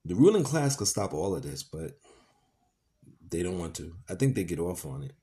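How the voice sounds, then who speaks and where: A man reading a novel aloud and adding his own commentary, with fillers, pauses and self-corrections. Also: low voice, very animated, warm tone. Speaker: podcast reader and commentator.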